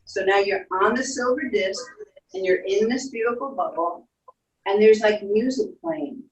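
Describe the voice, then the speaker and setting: A woman's voice: mid-range voice, a little slow. Echoey woman telling a guided story. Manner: soft storytelling, playful sound effects. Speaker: instructor leading a guided visualization. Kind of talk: guided imagination story for children. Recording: echoey room, distant from mic.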